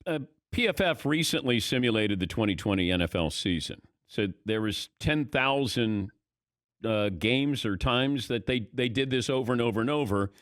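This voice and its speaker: A man's voice: medium pitch, animated, moderate pace, a bit bright, dry recording, studio quality. A male interview host who asks teasing questions and laughs easily. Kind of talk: casual interview chat.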